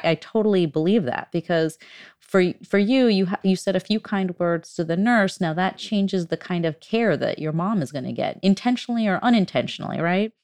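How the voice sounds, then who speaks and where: A woman's voice: on the low side, darkish tone, dry recording, studio quality. A woman hosting an interview, responding enthusiastically and reflecting with hedging phrases. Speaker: podcast host. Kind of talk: casual interview talk.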